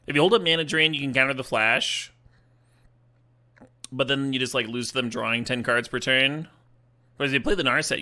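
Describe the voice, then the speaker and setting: Guy streaming cards, gravelly, super bright tone, swears and laughs a lot. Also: medium pitch. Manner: swears casually, laughs often, thinks aloud. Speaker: streamer playing a card game. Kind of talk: casual live-stream commentary.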